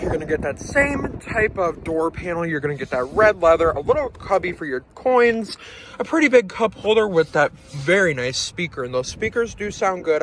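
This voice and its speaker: A man with a slightly raised pitch talks through a car's features in a relaxed, conversational way. He sounds upbeat and chatty, as if showing a friend around the interior. The voice comes from inside a car cabin. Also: a little hiss or hum. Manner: upbeat, conversational, points things out as he goes. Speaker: car reviewer. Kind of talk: casual walkaround review.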